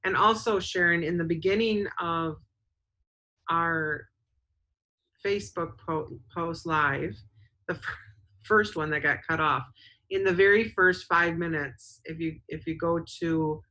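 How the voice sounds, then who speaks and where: A woman's voice: lowish voice, unhurried, bright, forceful tone, poor audio. A woman co-hosting a talk show, speaking earnestly and reading out viewer comments. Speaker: show co-host. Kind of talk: casual advice talk.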